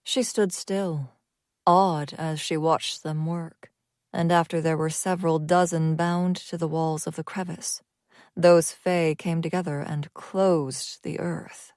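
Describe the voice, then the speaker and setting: A woman narrating a dark fantasy audiobook in a measured way, often sinking to near whispers. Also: low voice, steady tone, dry recording, studio quality.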